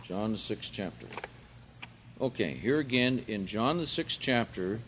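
A man preaches a sermon, reading scripture aloud and unpacking Greek words, his pitch and volume climbing when he wants to stress a point. There's a little background noise.

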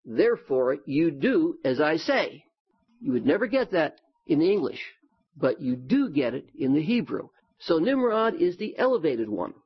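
Animated, husky-voiced male Bible teacher. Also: on the high side. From United States. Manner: animated, folksy, lively asides. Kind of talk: sermon. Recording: dull lo-fi sound.

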